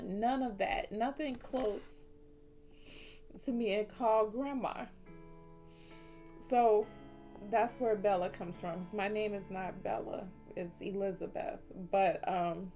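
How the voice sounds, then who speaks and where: A woman in her forties telling a heartfelt personal story in a slow, emotional vlog. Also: on the high side, vocal fry. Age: 40s. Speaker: vlogger. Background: soft instrumental music.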